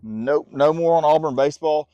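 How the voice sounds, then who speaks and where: A man's voice: on the high side, moderate pace, mellow, no room sound, lo-fi sound, faint music behind. A man casually talking college sports while walking his dog outdoors, a bit out of breath and turning now and then to chat with the dog. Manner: chatty, talks to his dog between points. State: winded from walking. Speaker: sports vlogger. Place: outdoors on a walk.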